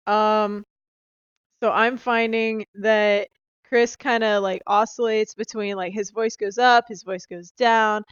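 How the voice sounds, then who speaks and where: A woman's voice: medium pitch, level tone, slow, smooth, no echo, muffled recording. Chatty young woman on a phone. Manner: chatty, filler-heavy, upbeat. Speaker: sales rep. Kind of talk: casual vlog recap. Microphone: handheld phone.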